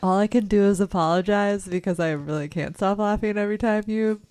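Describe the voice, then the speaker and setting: A woman's voice: medium pitch, fairly quick, darkish tone, smooth, no echo. A woman co-hosting a radio show, teasing her partner and laughing often in casual banter. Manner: giggly, teasing. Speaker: radio co-host. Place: radio studio.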